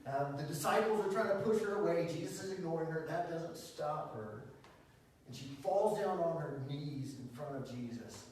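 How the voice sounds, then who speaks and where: Male pastor, mid pitch, conversational sermon with fillers; distant mic, big echoey hall. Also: moderate pace, slight background noise. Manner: conversational, animated preaching with many fillers and restarts.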